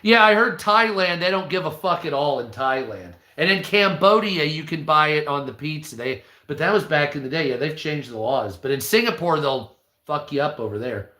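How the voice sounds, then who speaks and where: A man's voice: a little high, animated, moderate pace, pushed and bright, roomy sound. A man hosting a livestream, chatting casually and swearing freely as he rambles through stories and answers his chat. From United States. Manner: profane, storytelling, talks to chat. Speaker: livestream host.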